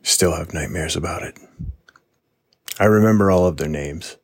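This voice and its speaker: An actor playing a gruff, foul-mouthed veteran police detective who talks bluntly and wearily. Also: male voice, low-pitched, normal speed, dry recording, studio quality. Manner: blunt, profane, world-weary. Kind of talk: true-crime audio drama interview.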